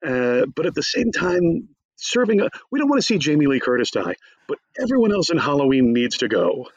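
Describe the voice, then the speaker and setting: A man who is a theater professor and author, talking in a wry, chatty interview and telling animated stories. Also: fairly high pitch, fairly quick, slightly rough, dry recording, muffled recording. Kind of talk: conversational interview.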